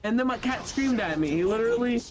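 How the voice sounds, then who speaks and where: A young man giving casual, animated commentary while playing a game, chatting loosely, saying bro and yo, and trailing off mid-sentence. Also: very high-pitched, fast talker. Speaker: gaming YouTuber. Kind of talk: casual let's-play commentary. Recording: faint game music behind.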